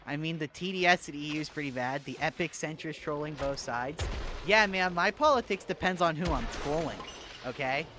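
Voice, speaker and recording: A man's voice: on the high side, brisk, background noise. A young man streaming a game, chatting casually with his chat, joking and swearing and laughing at his own bits. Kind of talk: casual gaming livestream chat.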